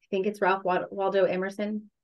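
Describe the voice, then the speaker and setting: A woman's voice: mid-range voice, flat delivery, fairly quick, low-quality recording. A woman guest in a casual interview, speaking candidly and reflectively, stretching words for emphasis.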